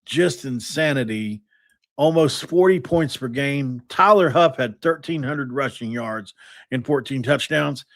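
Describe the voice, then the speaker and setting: A man hosting a casual sports podcast, energetic and rambling as he reels off stats. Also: mid-range voice, unhurried, dry recording. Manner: energetic, stat-heavy, rambling. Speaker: podcast host.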